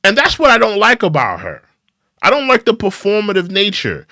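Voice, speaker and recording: A male host delivers pointed, critical commentary in a bright, high voice. His delivery is animated, and he repeats phrases to drive each point home. The sound is close and dry. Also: normal speed, dry recording. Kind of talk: opinionated commentary on clips.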